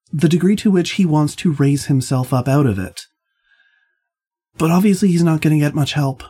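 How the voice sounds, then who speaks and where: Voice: mid-range voice, warm tone. An instructor leading a literature seminar, speaking thoughtfully with frequent restarts and hedges.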